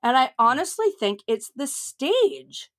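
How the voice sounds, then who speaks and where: A woman's voice: high-pitched, very animated, measured pace. A woman comedian talking candidly in an interview, reflecting on her shows.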